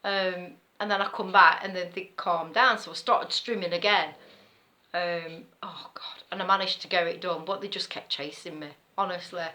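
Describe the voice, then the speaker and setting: A woman's voice: on the low side, steady tone, moderate pace, pushed and bright. A middle-aged woman with an East Midlands accent, chatting casually in a rambling way as a knitting vlogger, laughing often as she tells a story. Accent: East Midlands English.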